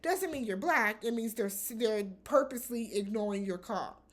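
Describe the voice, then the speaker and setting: A woman hosting a casual reality TV recap, talking in a blunt, animated way with some swearing. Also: fairly high pitch, moderate pace.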